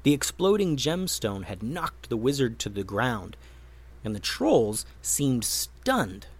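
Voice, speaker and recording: A man narrating a children's adventure story in an expressive, animated reading voice. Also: medium pitch, slow, breathy edge.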